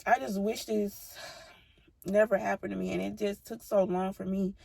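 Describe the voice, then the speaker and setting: A young woman with a gravelly, husky voice tells a personal story straight to her audience. She speaks bluntly and heatedly, swearing freely in a loose, casual storytime style. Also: medium pitch, fairly even intonation, normal speed, a little mellow. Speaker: vlogger.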